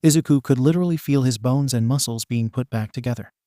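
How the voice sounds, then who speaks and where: This man reads a fan fiction story aloud quickly, keeping a plain, even delivery at a mid-range pitch. The audio is dry and close-miked, free of any room sound.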